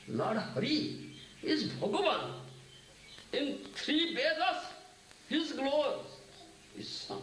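A man's voice: very high-pitched, wildly swooping pitch, slow, long pauses, fairly bright tone. An older man gives a devotional lecture, often asking "Huh?" and "Isn't it?" and chanting Sanskrit verses. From India. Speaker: spiritual teacher. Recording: echoey room, mic at a distance, faint hiss.

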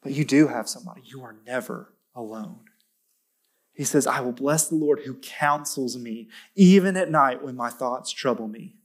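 A man's voice: medium pitch, moderate pace. A man preaching a sermon in a church, talking in a conversational way with restarts, then rising to emphatic, lifted stretches when he stresses a point. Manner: conversational with self-corrections and restarts. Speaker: pastor.

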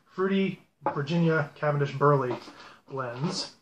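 A man's voice: fairly high pitch, a little slow, muffled recording. A man hosting his own channel, chatting casually and rambling with self-deprecating asides as he unboxes things. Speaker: pipe-smoking channel host. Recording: echoey room with faint background noise.

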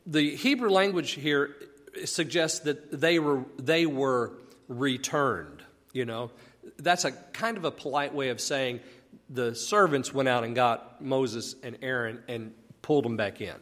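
A man's voice: medium pitch, unhurried, a bit bright. A man casually teaching a Bible passage, explaining conversationally and asking rhetorical questions. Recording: long echoey reverb.

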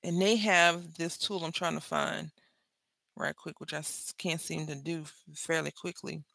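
A woman's voice: low-pitched, unhurried, creaky, no echo. A middle-aged woman, chatting and telling stories while she makes jewelry for her craft video. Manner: chatty storyteller, animated and joking. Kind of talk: casual chat while crafting.

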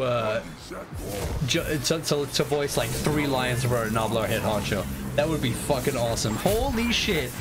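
A young man hosting a live game stream, chatting casually, excitable and swearing freely with rambling restarts. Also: fairly high pitch.

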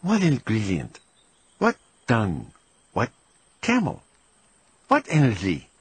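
A dazed old professor rat mumbles his bewildered questions, as a man reads him aloud. The voice is husky and swings widely in pitch. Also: wildly swooping pitch, slow pace, exaggerated voice. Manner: mumbling, puzzled.

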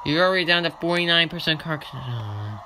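A man giving let's-play commentary over a racing management game, his voice leaping from low mutters to high, excited yelps. He cheers and grumbles at his drivers, and a clear hiss of background noise runs under the whole recording. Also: brisk.

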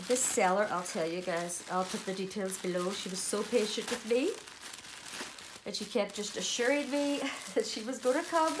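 A woman's voice: a little high, noisy background. A middle-aged woman with an Irish accent, chatting casually while unboxing dolls, gasping and gushing with delight. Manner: gushing, gasping, exclaiming "oh my goodness". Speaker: doll collector vlogger.

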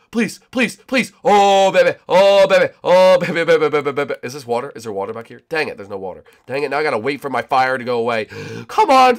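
Excitable young man gaming commentary. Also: fairly low pitch. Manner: excitable, rambling, shouts "oh, baby". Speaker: gaming YouTuber. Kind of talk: excited let's-play commentary.

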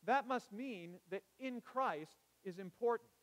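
A man preaching a sermon, telling a story in a measured, dramatic way. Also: high-pitched, long reverb tail. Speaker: pastor. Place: church sanctuary.

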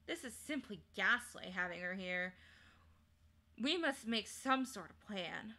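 A woman's voice: mid-range voice, lively intonation, measured pace, pushed and bright. A woman voicing an anxious young English boy in a storybook reading, pleading and exclaiming.

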